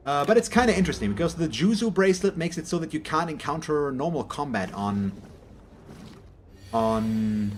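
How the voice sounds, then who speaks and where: A man from Germany, a native German speaker, giving casual, rambling gameplay commentary in English and often correcting himself mid-sentence. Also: medium pitch. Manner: rambling, self-correcting, chatty. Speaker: gaming channel host.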